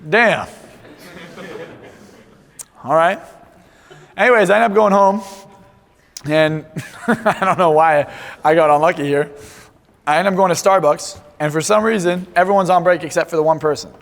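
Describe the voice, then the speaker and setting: A man's voice: high-pitched, moderate pace, long pauses. A man speaking as a seminar presenter, telling a brash, profane comic story to a live crowd. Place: large seminar hall. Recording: echoey seminar hall.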